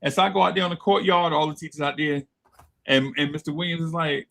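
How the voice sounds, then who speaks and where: A man telling a childhood story in casual chat, animated and acting out voices as he goes. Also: on the high side, fast talker, creaky. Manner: animated, laughing storyteller who acts out voices. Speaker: podcast co-host.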